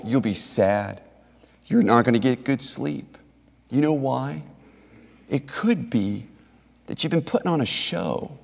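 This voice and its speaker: Impassioned preacher in a reverberant hall. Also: male voice, mid-range voice. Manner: impassioned, rising to near shouts then dropping soft and hushed. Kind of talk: sermon.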